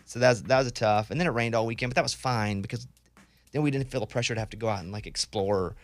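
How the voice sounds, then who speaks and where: A man's voice: mid-range voice, quick pace. A man hosting a morning radio show, chatting casually with dry, teasing banter from a studio mic. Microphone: studio microphone.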